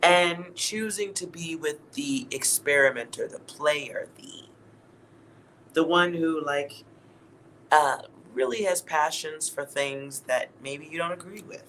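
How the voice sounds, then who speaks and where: A man's voice: on the high side, takes it slowly, fairly bright tone, slight background noise, rough recording. A man giving a casual, blunt tarot reading to his viewers, laughing at himself and swearing now and then. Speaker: tarot reader.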